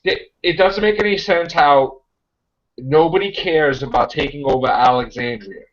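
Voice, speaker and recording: A man's voice: on the high side, normal speed. Ranting man on a muffled recording. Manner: ranting, exasperated, mocking impressions. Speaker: podcast host. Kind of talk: casual fan podcast chat. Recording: muffled lo-fi sound.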